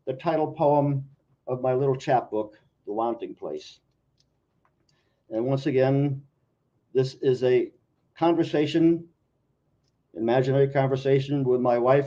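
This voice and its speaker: A man reading his poems aloud at an open mic in a wry, measured way. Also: mid-range voice, dark tone. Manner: wry, measured, slow delivery. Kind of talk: poetry reading. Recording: dull lo-fi live recording.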